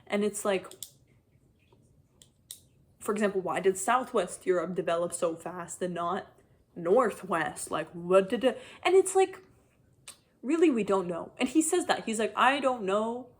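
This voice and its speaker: A young adult woman giving a casual chapter-by-chapter book review, talking in an animated, frustrated rant full of "like". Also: medium pitch, unhurried, pauses often, husky. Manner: animated, frustrated ranting, heavy use of "like". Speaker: book vlogger.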